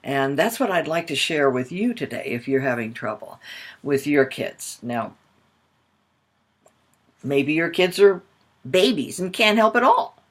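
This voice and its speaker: Older woman, husky voice, animated pitch, expressive storytelling to moms. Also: measured pace, long pauses. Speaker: parenting coach.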